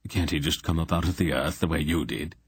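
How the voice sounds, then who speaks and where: A man reading an audiobook, voicing a sly little thief who speaks in a hushed, shaken way. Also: rumbling low, brisk, vocal fry, breathy edge, exaggerated voice. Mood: hushed shock.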